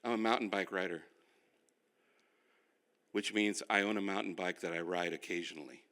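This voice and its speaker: An older male pastor teaching a finance class, telling animated, self-deprecating stories. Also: deep voice, moderate pace. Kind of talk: sermon-style finance class.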